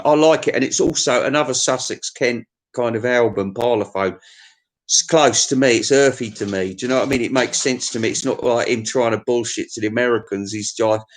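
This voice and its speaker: A man giving a rambling, crude comic monologue, swearing freely and chuckling as he reviews albums. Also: medium pitch.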